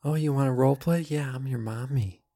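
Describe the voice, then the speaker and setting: A man's voice: mid-range voice, a little fast, dark tone, no room sound, studio quality, natural voice. A man playing a crude, leering middle-aged mother in an improvised comedy scene.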